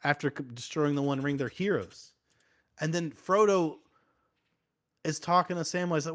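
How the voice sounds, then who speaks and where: A man's voice: on the high side, normal speed, long pauses, a bit bright. Rambling man telling a stand-up bit. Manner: rambling, loose storytelling. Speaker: comedian guest. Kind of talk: casual chat and stand-up bit.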